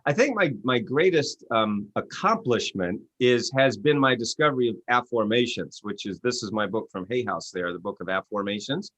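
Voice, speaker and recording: A man's voice: normal speed, few pauses, dry recording. A man, an author and coach, telling stories in an interview and acting out quoted voices. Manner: animated, acts out quotes with rising pitch. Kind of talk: interview guest storytelling.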